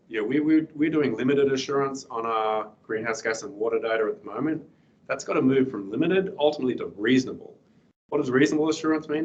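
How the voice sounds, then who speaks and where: A middle-aged man giving a guest lecture with slides, hoarse and clearing his throat, speaking haltingly with many fillers and restarts. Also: mid-range voice, dull audio.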